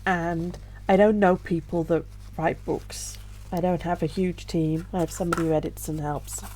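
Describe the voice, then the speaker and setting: A tearful middle-aged woman talks to her camera in a personal vlog. Her voice is soft and reflective, with sighs and small laughs between thoughts. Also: fairly low pitch, steady tone, moderate pace, a little hiss or hum. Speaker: vlogger and self-published author.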